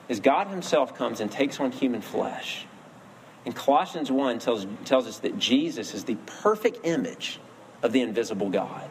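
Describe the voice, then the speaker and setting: Male preacher, sermon delivery, earnest storyteller, average pitch, faint background hum. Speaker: pastor.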